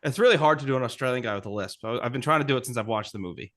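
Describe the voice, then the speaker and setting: A man's voice: mid-range voice, racing, fairly bright tone. A man in a casual podcast movie chat, throwing in dry wisecracks.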